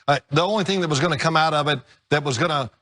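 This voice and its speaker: Quick, conversational male football analyst. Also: fairly high pitch, sharp tone. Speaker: studio analyst. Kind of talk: studio panel commentary.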